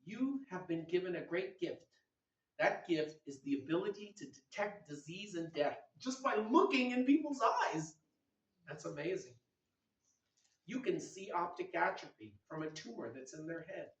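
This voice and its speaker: Middle-aged male lecturer, slightly high voice, punchy and playful, quizzes the room; echoey, muffled hall sound from a distance. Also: normal speed. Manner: energetic, teasing, asks the audience questions. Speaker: lecturer at a medical workshop. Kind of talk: lively medical lecture.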